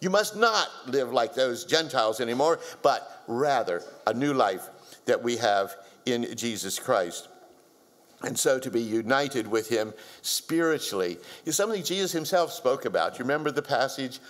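A man's voice: mid-range voice, expressive, normal speed, fairly bright tone. A man preaching a sermon in an earnest way, building up to strong emphasis. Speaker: pastor.

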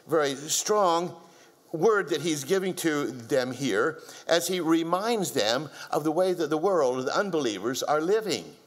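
A man's voice: a little high, lively intonation, a little slow. A man preaching a sermon in an earnest way, building up to strong emphasis. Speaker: pastor.

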